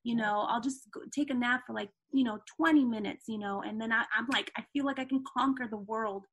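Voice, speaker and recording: Chatty mid-pitched woman, middle-aged. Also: fairly quick, slightly rough. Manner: chatty, frequent "you know" asides. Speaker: guest. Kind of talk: casual interview chat.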